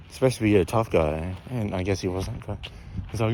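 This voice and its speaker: A man's voice: sits low, fairly quick, mellow. A young man telling a rambling storytime vlog from a park, full of fillers and restarts, filmed on a phone with faint outdoor noise.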